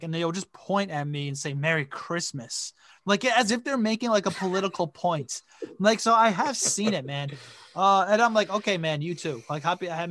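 Young man, high-pitched, dry, rambling, filler-heavy, swearing, casual chat. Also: a bit bright, no echo. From Connecticut, USA.

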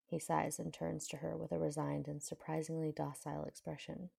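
Low, gravelly woman narrating. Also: flat delivery, brisk, few pauses, dark tone. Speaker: audiobook reader. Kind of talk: reading fan fiction aloud.

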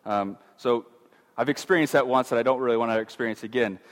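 A middle-aged man giving a casual Bible teaching, chatty, with frequent fillers and restarts. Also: quick pace. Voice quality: conversational, many fillers and restarts. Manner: acts out voices of fear with rising pitch. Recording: long hall reverb.

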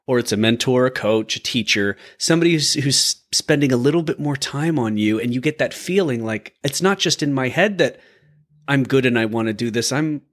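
A man's voice: mid-range voice, animated, fairly quick, fairly bright tone. A man co-hosting a casual interview podcast, talking reflectively and supportively and restarting his phrases as he thinks. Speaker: podcast co-host.

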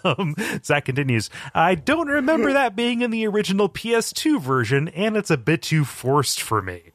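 A man's voice: high-pitched, big pitch swings, moderate pace, fairly bright tone, no room sound, studio quality. A man co-hosting a casual podcast, reading a listener's email aloud and laughing often, tired after a long day of recording.

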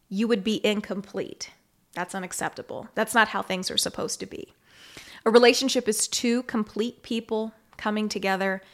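Young woman, podcast host, casual monologue, keeps asking okay, slightly high-pitched. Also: a bit bright. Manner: chatty, often ends with "okay?".

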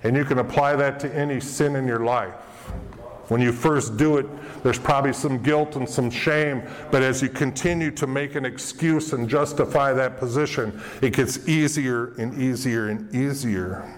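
A man's voice: medium pitch, normal speed. Guy preaching a sermon, earnest, long echo off a big hall. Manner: earnest preaching, acts out quoted inner voices. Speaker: pastor.

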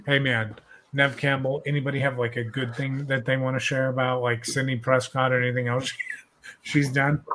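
A man's voice: medium pitch, little pitch movement, normal speed, a bit bright. A man hosting a podcast in casual chat, rambling and swearing freely as he tells a loose story. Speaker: podcast host.

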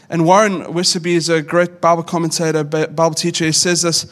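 A pastor in his thirties preaches with a high, light voice. He talks to his people earnestly and casually, often stopping to restart a phrase mid-thought. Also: level tone, a little fast, hardly any pauses. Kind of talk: sermon.

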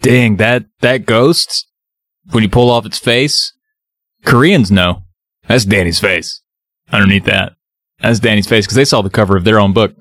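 A man's voice: fairly low pitch, normal speed, long pauses, a bit bright, no room sound, clean studio sound. A man co-hosting a podcast, retelling a children's book plot in a laid-back way. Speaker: podcast co-host. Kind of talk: casual book-recap chat.

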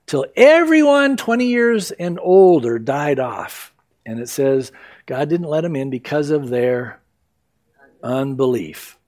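A man preaching a sermon, retelling Bible stories with animated delivery and acted-out quotes. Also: a little high. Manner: animated storytelling, acting out quoted voices. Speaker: pastor.

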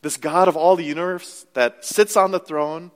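A man's voice: on the high side, steady tone, moderate pace, in a large hall. A young adult man preaching a sermon in a conversational, self-deprecating way, full of "you know"s. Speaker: pastor.

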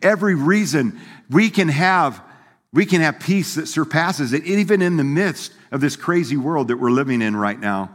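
A man's voice: on the high side, expressive, moderate pace. A man preaching a sermon as pastor, in a folksy, conversational way, laughing and acting out quoted voices. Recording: long hall reverb.

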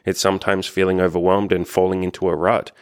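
Male coach, low register, casual motivational monologue, blunt with some profanity, dry close mic. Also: flat delivery, fast, clean tone, no echo. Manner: blunt, encouraging, swears freely. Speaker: dating and life coach. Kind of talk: casual self-help monologue.

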